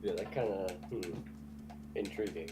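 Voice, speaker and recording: A man's voice: low-pitched, unhurried, noisy background. A man chatting casually with a streamer friend, teasing him playfully. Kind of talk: casual chat on a game stream.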